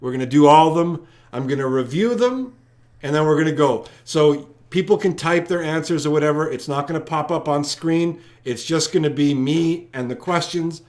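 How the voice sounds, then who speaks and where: A man's voice: on the high side, moderate pace, darkish tone. A man hosting a live-streamed trivia night, talking chattily and straight to his viewers. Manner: chatty, addressing viewers directly. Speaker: trivia host.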